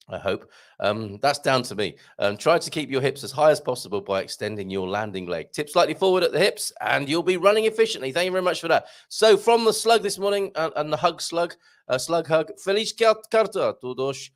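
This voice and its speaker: A man hosting a casual live show reads out his viewers' comments and tips. His middle-pitched voice rises and falls a great deal, and he comes across as chatty and jokey, tossing in self-deprecating asides.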